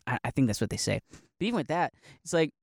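A man's voice: mid-range voice, animated, quick pace, creaky, no room sound, clean studio sound. Rambling, laughing man. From Northeast Ohio. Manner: rambling, laughs often, many likes and restarts. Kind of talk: casual monologue.

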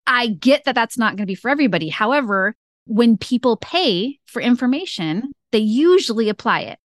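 A woman's voice: a little high, expressive, brisk, dry recording. Woman, middle-aged, blunt, upbeat, dry close sound, podcast guest. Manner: blunt, upbeat, laughs often. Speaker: guest, ad consultant. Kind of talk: casual podcast interview.

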